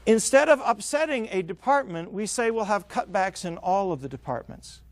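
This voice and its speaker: A man with a high voice delivers a lively seminar talk on managing time. He slips into quoted voices to make his points, and the sound is dry and close with almost no room echo. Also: normal speed. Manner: energetic, acts out quoted voices. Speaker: business speaker.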